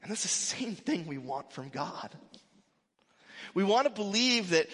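A man's voice: sits high, very animated, measured pace, long pauses, a bit bright. A man preaching a sermon in a conversational, emphatic way, acting out the quotes he gives. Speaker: pastor. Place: church sanctuary. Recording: echoey hall with long reverb.

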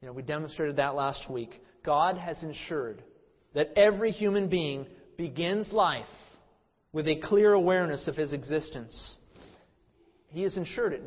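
A man's voice: expressive, moderate pace. Impassioned man preaching in a reverberant hall. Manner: impassioned, swings from loud emphasis to low hush. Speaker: pastor. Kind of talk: sermon. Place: church sanctuary. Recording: muffled sound in a hall with long reverb.

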